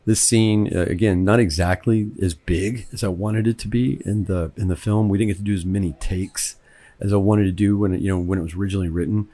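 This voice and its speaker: Here a Kentucky director from the United States rambles conversationally through commentary on his film, repeating words as ideas come to him. He speaks fairly quickly in a deep, dark voice with fairly even intonation.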